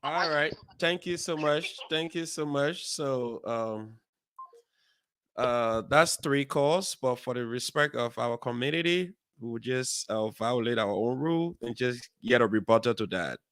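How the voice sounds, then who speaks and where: A man hosting a call-in talk show, measured and steady, with many fillers. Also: mid-range voice, clean tone, dry recording. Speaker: host.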